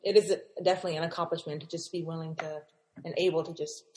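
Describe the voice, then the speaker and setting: A young woman with a voice of middle pitch hosts a casual panel, upbeat and encouraging as she turns to each guest. Her voice rings in an echoey room. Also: steady tone, quick pace, darkish tone. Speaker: host, moderator.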